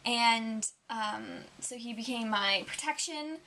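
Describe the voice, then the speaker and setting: Young female vlogger, bright tone, rambling casual chat. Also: fairly high pitch, takes it slowly, a little hiss or hum. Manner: rambling, chatty, lots of "um" and "like".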